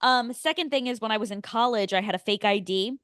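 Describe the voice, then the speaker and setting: A woman co-hosting a movie podcast, telling stories in a lively way and acting out other people's voices. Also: a little high, fairly quick, smooth, no room sound, clean studio sound. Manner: animated storyteller, acts out quoted voices. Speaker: podcast co-host. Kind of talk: casual storytelling chat.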